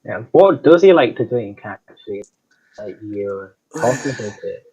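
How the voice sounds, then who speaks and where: Husky low-voiced man playing a game. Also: lively intonation, moderate pace, mellow, rough recording. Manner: hesitant, lots of ums. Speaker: player. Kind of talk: casual tabletop play.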